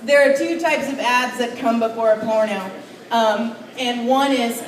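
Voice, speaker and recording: A woman's voice: fairly high pitch, unhurried, a little hiss or hum. A young woman doing crude, playful stand-up at an open mic in a bar. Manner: brash, crude, playful punchlines. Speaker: stand-up comedian. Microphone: far camera recording a stage. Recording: roomy bar sound from far off.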